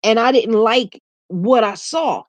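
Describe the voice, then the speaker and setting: A middle-aged woman hosting a casual livestream, chatting with viewers, laughing often and telling animated stories. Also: on the high side, takes it slowly, dry recording. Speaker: YouTube livestream host. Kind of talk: casual livestream chat reading comments.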